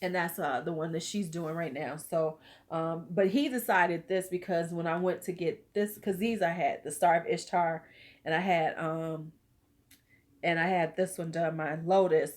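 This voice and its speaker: Middle-aged lady running a live chat, kinda low voice, bawdy and chatty. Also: fairly even intonation, moderate pace. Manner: chatty, loose and bawdy, laughing with commenters. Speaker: host of a live beauty chat. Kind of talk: casual live-stream chat with viewers.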